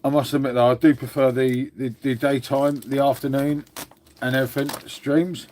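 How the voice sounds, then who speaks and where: An English man hosts a casual livestream from indoors at home, rambling and repeatedly calling viewers "mate" and saying "shall we say." His voice is mid-range with little pitch movement, normal speed, and a slightly mellow tone. Slight background noise is audible.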